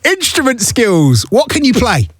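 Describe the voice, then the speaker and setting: A male radio host interviewing a guest over a video call, playful and quick to laugh. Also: very high-pitched, wildly swooping pitch, slightly rough, dry recording, clean studio sound.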